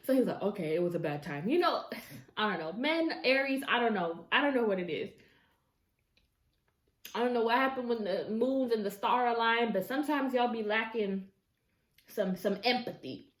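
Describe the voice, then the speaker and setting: A woman's voice: a little high, moderate pace, pauses often. Chatty woman vlogger in an echoey room. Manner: chatty and expressive, slangy asides to viewers. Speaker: mukbang vlogger. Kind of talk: casual storytelling while eating.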